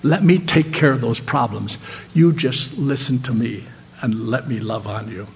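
Hushed tender God voice, as a preacher does it. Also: male voice, mid-range voice, fairly quick, slightly rough, in a large hall, voice pushed down. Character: gentle loving God, male, calm and reassuring. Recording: dull lo-fi sound.

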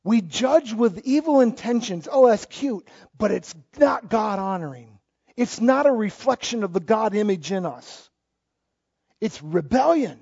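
Pastor guy preaching, really high voice, gets loud then goes quiet, muffled lo-fi sound. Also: expressive, a little slow, vocal fry, slightly rough. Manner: emphatic, swings between loud exclamations and quiet asides. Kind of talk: sermon. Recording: dull lo-fi church recording.

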